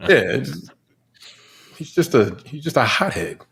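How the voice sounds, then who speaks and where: A man's voice: medium pitch, sing-song, takes it slowly, creaky, a bit bright. A man co-hosting a casual movie review chat, laughing often and mimicking characters. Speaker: podcast co-host.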